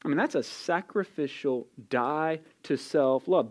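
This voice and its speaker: A man's voice: mid-range voice, normal speed, hardly any pauses. A man preaching a sermon as pastor, conversational and emphatic, with casual asides to the congregation. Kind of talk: expository sermon.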